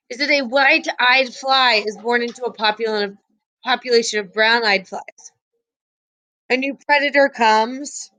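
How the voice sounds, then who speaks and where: Woman teacher, high voice, slow unhurried delivery, reading quiz questions, chatty. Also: bright, forceful tone. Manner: chatty, laughs easily, reads quiz questions aloud. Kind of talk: live online class quiz review.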